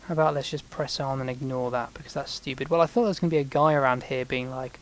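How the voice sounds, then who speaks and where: A man's voice: mid-range voice, fairly even intonation, fast talker, slight background noise. A man giving rambling, sarcastic commentary while he plays a video game. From Britain. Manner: rambling, sarcastic, mutters to himself. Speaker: gameplay commentator.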